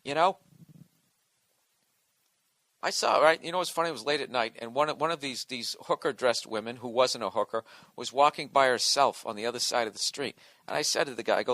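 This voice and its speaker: A man rants through a comedic monologue, swearing and sarcastic with exasperated energy. His voice sits a bit high and has a bright, forceful edge. The recording is dry and close. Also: moderate pace, dry recording. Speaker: comedian and podcast host.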